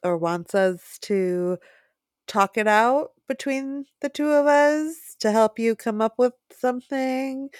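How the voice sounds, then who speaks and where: A woman's voice: medium pitch, no room sound, studio quality. A woman co-hosting a casual podcast chat, giggly and rambling, pressing her points with emphasis. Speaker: podcast co-host.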